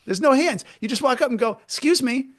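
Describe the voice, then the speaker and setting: A man co-hosting a comedy podcast, telling stories in an excitable, ranting way with stammering restarts. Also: very high voice, fast, no room sound, studio quality. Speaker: podcast co-host. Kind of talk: comedic rant.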